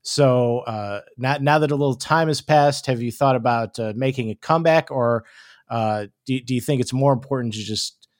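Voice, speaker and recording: A man hosting a podcast, asking his guest long, halting questions full of restarts. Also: medium pitch, no echo, clean studio sound. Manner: hesitant, many restarts when asking questions. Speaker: podcast host. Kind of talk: casual interview chat.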